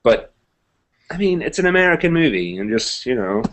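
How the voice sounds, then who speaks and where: A man's voice: medium pitch, big pitch swings, moderate pace, fairly bright tone, a little hiss or hum. A young man co-hosting a casual movie review chat, opinionated and hedging his views. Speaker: co-host.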